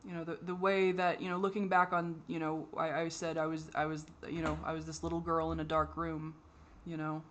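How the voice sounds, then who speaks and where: A woman giving a candid personal monologue for her vlog, halting and frustrated, with many restarts and fillers and the odd swear. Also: low-pitched, level tone, fairly bright tone, slight background noise. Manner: swears when exasperated. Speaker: vlogger.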